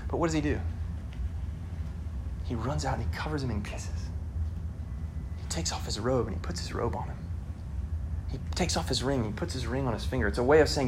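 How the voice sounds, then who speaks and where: A man's voice: on the high side, expressive, a little fast, a bit bright, slight background noise. A man preaching a sermon in a casual, conversational way, acting out the people he quotes. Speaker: pastor.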